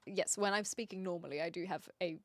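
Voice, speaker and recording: A woman's voice: fairly low pitch, fast talker, no room sound, clean studio sound. A woman from New Zealand with a posh-leaning Kiwi accent, chatting playfully and laughing with her live-stream chat. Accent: New Zealand, mixed and posh-leaning. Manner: playful, giggly, self-mocking.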